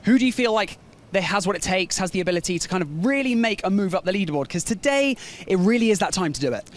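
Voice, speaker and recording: A man hosting on the esports stage, briskly prompting the analyst with questions. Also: high voice, animated. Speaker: stage host interviewer.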